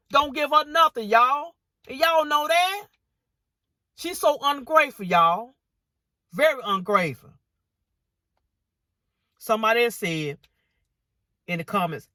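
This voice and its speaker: A woman's voice: a little high, pushed and bright, dry recording, studio quality. A woman vlogger giving indignant reaction commentary on viewer comments, repeating herself and saying y'all often.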